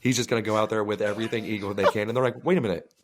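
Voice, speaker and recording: A man co-hosting a casual podcast, telling crude, animated stories and acting out the people in them. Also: fairly low pitch, very fast, very noisy. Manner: animated storytelling with acted-out quotes; crude joking. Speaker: podcast co-host. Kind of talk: casual chat.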